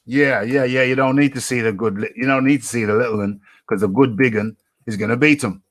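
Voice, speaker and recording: A man's voice: medium pitch, fairly quick. A British man hosting a live boxing talk stream, rambling and repeating his phrases with plenty of fillers. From United Kingdom. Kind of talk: casual live-stream chat.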